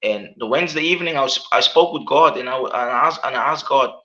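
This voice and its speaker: A man answers interview questions in an earnest, casual way, stumbling over and repeating his words. His voice is bright and pressed. The sound is dull and lo-fi. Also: mid-range voice, fast. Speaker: MMA fighter, interview guest.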